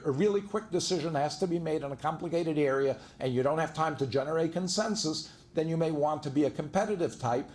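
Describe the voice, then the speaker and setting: Male attorney, slightly higher voice, conversational seminar lecturer who talks through stories. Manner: conversational, anecdote-driven, acts out quoted dialogue. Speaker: divorce lawyer giving a seminar talk. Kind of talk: lecture to a live audience.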